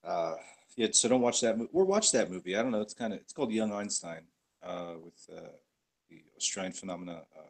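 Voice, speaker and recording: A man's voice: on the low side, animated, a little fast. A man hosting a casual livestream chat, rambling with lots of fillers and easy laughs. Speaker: podcast host.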